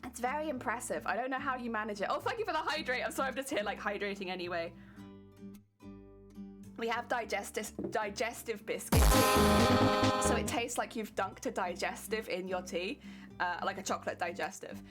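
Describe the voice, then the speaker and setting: A young woman with a British accent chats through a late crafting stream, laughing often and sounding a little sleepy. Her voice sits at a medium pitch. Plucked guitar music plays clearly underneath. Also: moderate pace. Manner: giggly, chatty, thanks viewers by name. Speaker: cosplay streamer. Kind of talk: casual live-stream chat while crafting. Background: guitar music playing.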